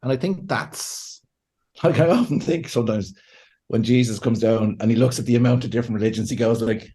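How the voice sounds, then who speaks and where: A man, a pastor and counselor, talking as a podcast guest in a lively way, often laughing and acting out what people say. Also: medium pitch, a little fast. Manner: animated, laughs often, acts out quotes. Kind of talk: conversational podcast interview.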